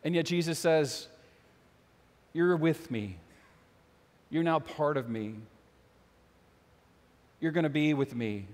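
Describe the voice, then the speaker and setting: A man's voice: a little high, takes it slowly, pauses often, darkish tone, in a large hall. A man preaching a sermon as a pastor, earnest and questioning, repeating phrases for emphasis.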